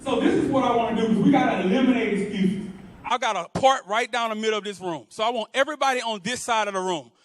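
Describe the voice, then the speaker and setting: A man's voice: extremely high pitch, quick pace. A man from Houston giving a motivational stage speech, rallying the crowd and leading call-and-response chants in a large event room. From Houston, Texas. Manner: fired-up, rallying the crowd, repeats phrases. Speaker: motivational speaker. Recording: long hall reverb with a crowd.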